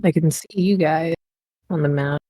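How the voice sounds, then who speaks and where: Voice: medium pitch, fairly even intonation, normal speed, mellow, no echo. A player in a tabletop game session, joking while describing their character's actions.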